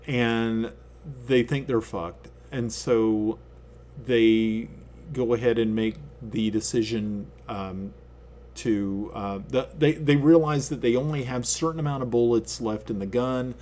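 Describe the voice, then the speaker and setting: A man hosting a casual chat stream, telling a story with lively energy and frequent swearing. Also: mid-range voice, slow, slight background noise. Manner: animated storytelling, swears freely. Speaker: stream host.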